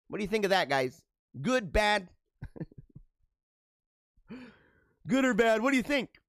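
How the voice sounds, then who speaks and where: Animated high-voiced man riffing on news. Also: dry recording. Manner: animated, laughs and riffs between read-aloud headlines. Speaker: show host reading news stories. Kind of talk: casual commentary on news items.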